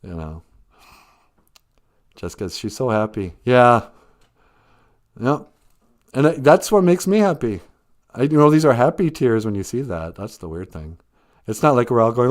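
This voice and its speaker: A man's voice: mid-range voice, very animated, normal speed, pauses often. A man hosting a casual live stream, reading out viewer comments, often chuckling and thinking aloud in a reflective way.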